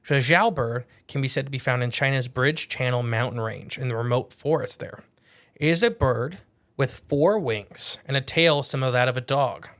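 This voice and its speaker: A man's voice: medium pitch, moderate pace, fairly bright tone. A man co-hosting a casual podcast, talking in a rambling, jokey way and often correcting himself mid-sentence. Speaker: podcast co-host.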